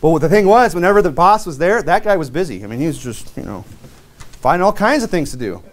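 A middle-aged man preaching a sermon from a church pulpit. His voice sits a little high for a man, and he talks in a loose, storytelling way, dropping in lots of "you know" and "right?" He reads scripture aloud, then puts it in plain words. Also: lively intonation, fast talker. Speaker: deacon preaching. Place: church sanctuary.

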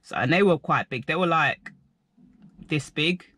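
A young man telling a rambling personal story to camera, animated and full of filler words. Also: on the high side, measured pace, no echo. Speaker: vlogger.

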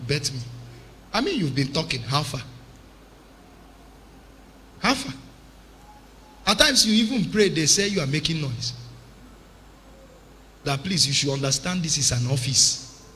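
A man delivers a sermon with passion, his voice sitting high and swinging widely in pitch. The tone is very bright and piercing as he pushes his points into shouts. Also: animated, measured pace, long pauses, a little hiss or hum. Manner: impassioned preaching, swelling into shouted emphasis. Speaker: evangelist preacher.

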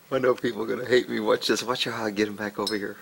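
A man chatting casually in an outdoor vlog, laughing often and scolding his pets in a high sing-song voice. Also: vocal fry, fairly bright tone, slight background noise. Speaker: horse and pet owner vlogger.

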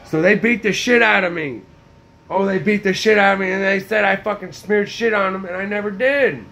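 Brief: man, slightly high voice, manic and foul-mouthed, rambling phone-video rant indoors. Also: steady tone, fairly quick, sharp tone. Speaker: vlogger. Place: indoors, room with a TV.

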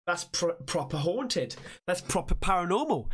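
High-voiced english guy, swears a lot, loud excitable reactions to clips. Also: unhurried, hardly any pauses, over loud music. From England. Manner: excitable and sweary, loud outbursts, British slang. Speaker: YouTube reaction host. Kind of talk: casual reaction commentary.

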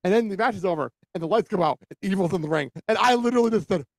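A man co-hosting a casual podcast, ranting excitedly with lots of laughter and swearing. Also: high voice, racing, no echo. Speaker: podcast co-host. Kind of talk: casual wrestling chat.

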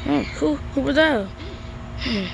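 A woman improvising a game role-play, excitable, gasping and yelling at surprises. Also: sits high, slow pace, vocal fry. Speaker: player.

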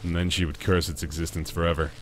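A man doing live gameplay commentary, joking with chat, thanking viewers and yelling when startled. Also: low voice, flat delivery, quick pace. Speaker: gaming livestreamer.

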